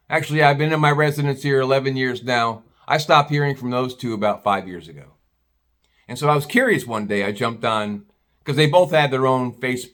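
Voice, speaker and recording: A man's voice: mid-range voice, a bit bright. A middle-aged American man telling a rambling personal story in casual talk, blunt and swearing freely. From United States. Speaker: vlogger.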